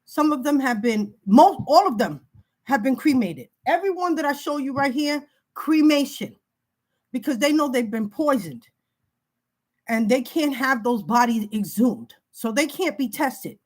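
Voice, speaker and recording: Woman, higher voice, emotional vlog monologue, halting and repetitive, urgent warnings. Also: expressive. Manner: halting, repeats words, breaks off emotionally. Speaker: spiritual video creator. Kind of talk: emotional direct-to-camera monologue.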